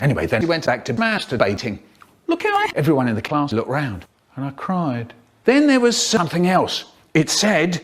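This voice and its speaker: A man telling a rambling, crude comic story about a school day, with sudden leaps in pitch and loudness. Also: very animated, moderate pace, slight background noise.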